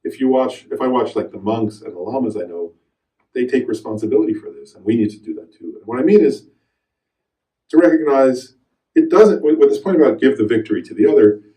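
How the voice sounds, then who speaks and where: A middle-aged man giving a meditation teaching to a group, telling a personal story with animated quoted voices. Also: medium pitch, brisk. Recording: roomy hall, voice from a distance.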